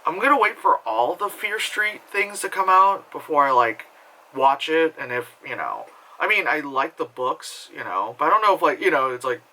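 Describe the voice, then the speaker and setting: Bright, rambling profane man reviewing a movie. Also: fairly high pitch, sing-song, moderate pace, rough recording. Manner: rambling, profane, self-mocking with frequent laughs. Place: home.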